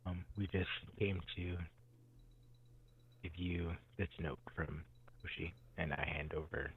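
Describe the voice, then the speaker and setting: A man playing in a tabletop game, eager and excitable. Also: deep voice, takes it slowly, creaky, a little hiss or hum. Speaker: player. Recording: dull, lo-fi.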